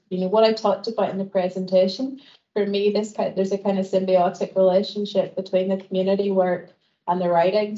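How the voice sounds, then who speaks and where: Woman, Northern Irish Ballymena accent, warm chatty writer at a seminar, muffled lo-fi sound. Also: mid-range voice. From Northern Ireland. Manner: chatty, storytelling, uses "wee". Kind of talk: answering questions at an academic seminar.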